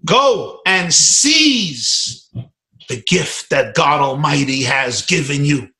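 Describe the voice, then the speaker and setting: A man voicing an elderly rabbi who gives gentle, compassionate counsel in a soft, earnest way. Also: mid-range voice, moderate pace.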